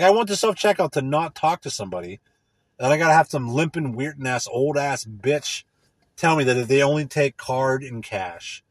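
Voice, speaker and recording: A man ranting comedically, rambling and swearing, full of fillers, swinging between loud bursts and mutters. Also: fairly high pitch, breathy edge, no room sound. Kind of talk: profane comedic rant.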